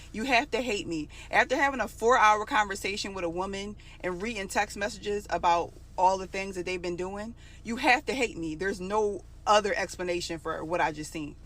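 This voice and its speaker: A woman's voice: medium pitch, moderate pace, hardly any pauses, fairly bright tone. A woman telling her own story in a casual, emotional storytime monologue, repeating phrases for emphasis.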